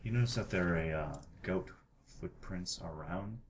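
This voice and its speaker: A man narrating as game master for a tabletop game, halting and laughing at times. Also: low-pitched, a little hiss or hum.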